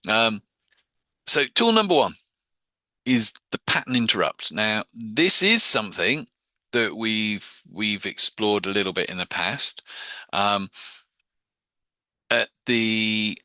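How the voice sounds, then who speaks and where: A man's voice: on the low side, expressive, slow pace, pauses often, bright, forceful tone, no room sound. A man teaching hypnosis techniques in a chatty, informal way, often restarting and repeating words as he explains and acts out short examples.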